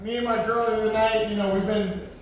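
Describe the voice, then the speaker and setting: A man from Puerto Rico performing a stand-up set at an open mic, loud and full of mock outrage. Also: sits high, level tone, fast talker, a little hiss or hum. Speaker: stand-up comedian. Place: open mic comedy room. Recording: very echoey room, mic far off.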